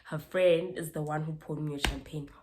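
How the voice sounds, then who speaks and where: A young woman from Africa, speaking in a fairly low voice. She tells a casual storytime, animated and chatty, re-enacting the back-and-forth with her own punchy delivery. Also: normal speed, background noise. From South Africa. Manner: animated, re-enacts exchanges, keeps asking "you understand?". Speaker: YouTuber.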